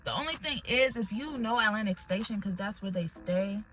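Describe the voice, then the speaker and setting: A young adult woman vlogger excitedly telling a personal story in casual chat, swearing now and then. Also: mid-range voice, normal speed, low-quality recording. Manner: animated, emotional retelling with swearing.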